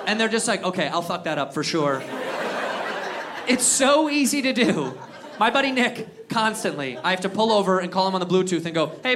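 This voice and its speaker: An American man performing a stand-up comedy set, ranting loudly and profanely and acting out the people he quotes. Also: high voice. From United States. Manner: loud, animated, profane rants with acted-out quotes. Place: comedy club stage with a laughing audience. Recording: live club recording, crowd laughter and noise.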